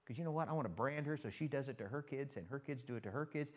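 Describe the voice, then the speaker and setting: An older pastor with a medium-pitched voice races through a casual sermon built on stories. Folksy and animated, he acts out conversations from his own life and quotes the people in them.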